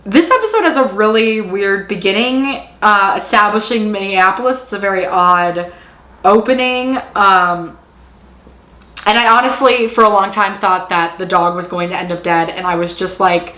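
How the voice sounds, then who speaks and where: A woman's voice: medium pitch, normal speed, bright, forceful tone. A woman casually recapping a TV episode, talking in a chatty way full of fillers and acting out the quotes. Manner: chatty, filler-heavy retelling with acted-out quotes. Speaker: show reviewer. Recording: roomy echo.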